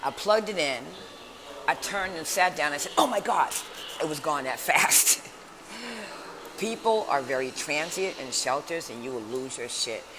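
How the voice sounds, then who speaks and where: A woman motivational speaker talking casually to her viewers in a lively, chatty storytelling way, recorded indoors at a shelter. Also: low voice, measured pace. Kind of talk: casual vlog talk. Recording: noisy background.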